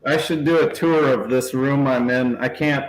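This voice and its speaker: A man's voice: medium pitch, fairly even intonation, moderate pace. A man chatting casually on a video call from his small workshop office, telling a long story, stopping to laugh and putting on voices. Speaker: channel host. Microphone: laptop. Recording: echoey room.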